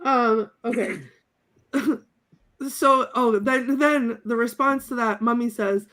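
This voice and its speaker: High-voiced woman podcast co-host, giggly and breathless recapper. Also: slow, long pauses, a bit bright. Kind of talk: casual chat.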